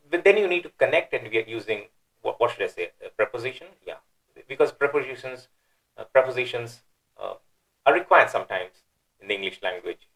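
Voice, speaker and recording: A man's voice: on the low side, fairly bright tone, poor audio. A man teaching a Quran verse, methodically explaining word choices and thinking aloud as he weighs the options.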